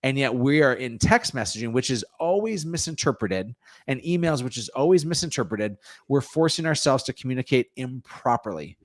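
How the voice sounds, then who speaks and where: A man guest, a real estate coach, answering interview questions in an energetic, salesy way. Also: mid-range voice, normal speed, dry recording, studio quality. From North Dakota. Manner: energetic, salesy, plugs his offers.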